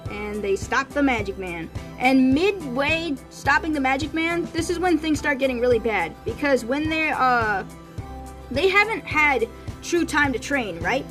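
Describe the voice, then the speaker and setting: A woman's voice: sits high, lively intonation, fairly bright tone, faint music behind. A woman streaming as an artist, chatting casually and rambling with many fillers and restarts. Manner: rambling, full of fillers and restarts, quick quoted voices. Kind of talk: casual livestream chat.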